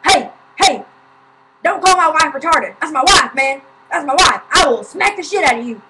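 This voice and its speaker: A woman voicing a big, angry husband who shouts threats. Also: high voice, animated, moderate pace, heavy background noise, voice pushed up. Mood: threatening. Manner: yelling, threatening.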